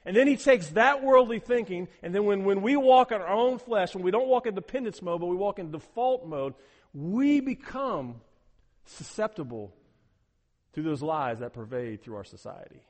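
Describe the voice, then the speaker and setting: A man's voice: high-pitched, sing-song, normal speed, big-room sound. A pastor preaching a sermon, emphatic and repeating words as he builds each point.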